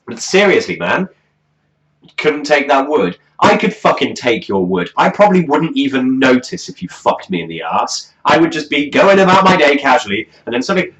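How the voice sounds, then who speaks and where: Male reviewer, exasperated profane rant, mid-pitched voice, muffled home-recorded sound. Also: big pitch swings, moderate pace, fairly bright tone. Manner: swears constantly, mocking and exasperated. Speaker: music review host.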